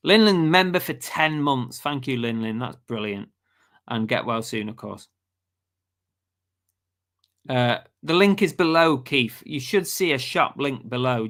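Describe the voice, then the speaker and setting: A man's voice: medium pitch, a bit bright. A man with a British accent hosting a casual live stream, reading viewer comments aloud and chatting back, and saying he is losing his voice. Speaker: livestream host.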